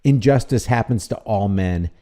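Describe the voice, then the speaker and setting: Fiery male video commentator, mellow voice. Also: fairly low pitch, normal speed. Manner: impassioned, fiery and emphatic.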